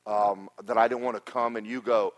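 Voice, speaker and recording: A pastor preaching a sermon, telling stories with humorous asides and swinging from loud exhortation to quiet remarks. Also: male voice, on the low side, moderate pace. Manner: animated storytelling with humorous asides.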